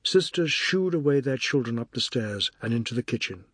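A man reading a literary novel aloud as an audiobook narrator, measured and even. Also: mid-range voice, dry recording, studio quality.

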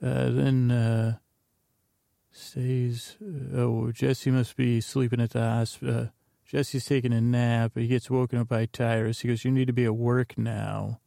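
Gravelly man rambling through a recap. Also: medium pitch, level tone, measured pace, warm tone, no room sound, clean studio sound. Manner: rambling, jokey retelling with loose impressions. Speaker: podcast host. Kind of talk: casual comedic episode recap.

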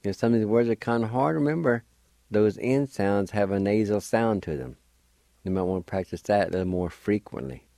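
A man's voice: lowish voice, fairly quick, gravelly, warm tone, no echo. A man hosting a radio language lesson, spelling words out letter by letter and patiently encouraging listeners to practice. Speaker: radio language teacher and host.

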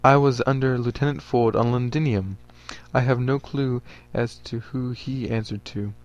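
A man's voice: mid-range voice, steady tone, normal speed, a little mellow, dull audio, lightly acted. A man reading as a solemn, formal preacher. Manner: formal, stiff phrasing. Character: earnest, solemn male preacher, former soldier.

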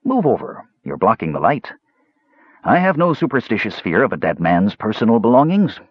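A man voicing a frail male mage who speaks softly, quietly and with cool disdain. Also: fairly low pitch, very animated, normal speed, husky, dry recording, muffled recording. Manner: soft, quiet, cool and dismissive. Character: soft-spoken frail male mage, cold and cutting. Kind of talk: audiobook character voice.

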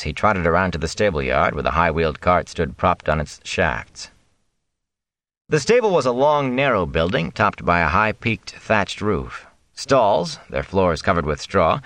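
A man narrating an audiobook in a lively, expressive storytelling manner. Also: deep voice, no echo. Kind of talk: scripted narration.

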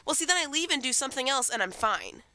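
Teen girl podcaster rambling about her week, bright voice, dry close sound, getting over a cold. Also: high-pitched, expressive, fast, dry recording. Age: teens. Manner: rambling, chatty. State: recovering from a cold. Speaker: podcast co-host. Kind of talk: casual chat.

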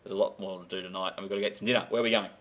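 Aussie guy hosting a footy podcast, quick and a bit low, lots of joking around. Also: fairly even intonation, a bit bright. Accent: Australian. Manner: bantering, laughing, trailing off. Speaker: podcast host. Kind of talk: casual chat.

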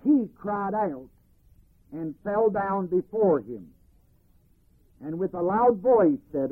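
A man teaching a Bible class, reading verses and explaining them deliberately, phrase by phrase. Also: high-pitched, animated, slightly rough. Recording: tinny archival phone-band recording.

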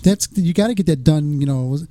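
A man's voice: on the high side, brisk, warm tone, dry recording. A man co-hosting a podcast, chiming in with dry wisecracks in casual chat.

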